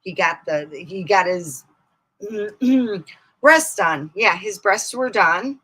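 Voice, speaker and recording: A middle-aged woman chatting casually on a live stream, rambling through funny stories and laughing loudly at her own punchlines. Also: medium pitch, animated, slow pace, breathy edge, low-quality recording. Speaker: comedy streamer.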